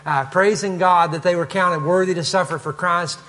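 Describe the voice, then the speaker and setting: A man's voice: sits high, steady tone, moderate pace, fairly bright tone, in a large hall. A man with a Kentucky accent preaching a conversational expository sermon, with asides and frequent fillers. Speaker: pastor.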